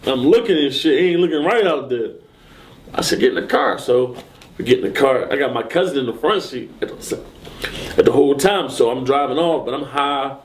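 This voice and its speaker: A man being interviewed, telling a story casually and acting out what people said with sudden high, loud bursts. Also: brisk. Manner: animated, acts out quotes and shouts in sudden high bursts.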